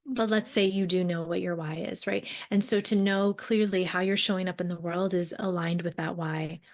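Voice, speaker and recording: Earnest woman, low voice, podcast host. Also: steady tone, moderate pace. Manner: earnest, conversational, with many fillers and rephrasings. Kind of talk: reflective solo podcast talk.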